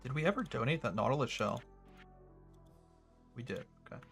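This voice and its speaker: A young man casually commentating his own gameplay, thinking out loud with a wry, chatty manner. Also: medium pitch, expressive, moderate pace, gravelly, faint music behind. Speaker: gaming streamer. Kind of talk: casual let's-play commentary.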